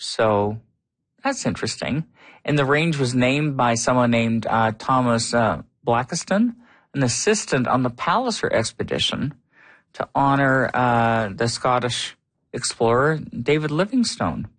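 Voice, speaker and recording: A radio host chatting on a call-in show, curious and quick to laugh, reading emails and taking calls. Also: medium pitch, lively intonation, no echo.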